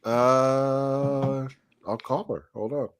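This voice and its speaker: A man's voice: medium pitch, steady tone, drawn-out words, clean tone, dry recording. A man hosting a casual live stream, rambling, joking and swearing freely. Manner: profane, rambling, jokey. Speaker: host.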